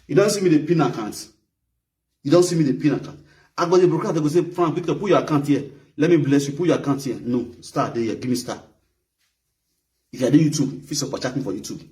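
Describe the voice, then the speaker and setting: A Nigerian man giving an animated, mocking live-stream rant in Pidgin-flavored English. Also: distant mic. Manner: animated, mocking, mimics others in high voices. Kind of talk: ranting live-stream commentary. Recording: echoey room, off-mic.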